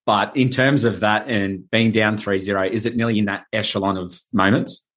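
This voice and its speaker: A man on a casual sports podcast, speaking thoughtfully with many pauses and fillers. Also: lowish voice, steady tone, a bit bright. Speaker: podcast panelist.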